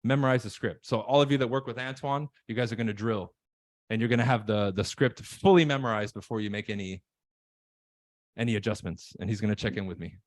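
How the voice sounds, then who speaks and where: A man coaching on sales calls in casual podcast chat, emphatic, acting out nervous callers in quick voices. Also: fairly low pitch, no room sound, studio quality. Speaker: real estate coach.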